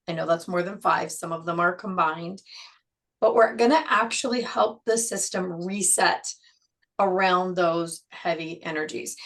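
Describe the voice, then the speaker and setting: A woman guest on an interview show, explaining her program in a measured way and slowing down to stress key words. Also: on the low side, fairly bright tone.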